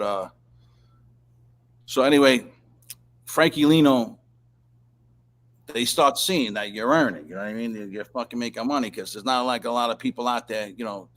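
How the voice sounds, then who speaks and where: A man telling a long, rambling story in casual chat, swearing constantly and clearing his throat often. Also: mid-range voice, fairly bright tone. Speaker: interview guest.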